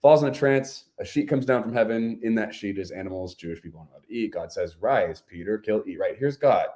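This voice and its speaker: Earnest low-voiced man telling his story. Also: fast, dark tone. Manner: earnest, fillers like "like" and "right?". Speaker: podcast guest. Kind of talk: conversational storytelling.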